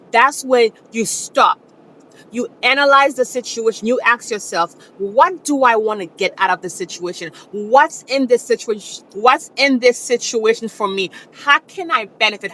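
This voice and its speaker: A woman's voice: fairly high pitch, pushed and bright, poor audio. A woman dating coach giving casual advice to camera in a coaxing, repetitive way, often checking in with her listeners. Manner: coaxing and repetitive, keeps checking in with "okay?" and "my beautiful ladies".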